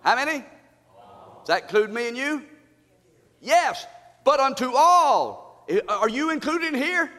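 A man preaching a fiery sermon in church, using call-and-response and moving between shouted peaks and low, intense passages. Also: expressive, unhurried, long pauses, long reverb tail. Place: church sanctuary.

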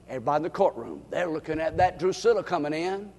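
High, animated preacher, shouting. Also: male voice, quick pace. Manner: call-and-response, bursts into shouting. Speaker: preacher teaching Bible study. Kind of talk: animated sermon. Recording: long reverb in a large hall.

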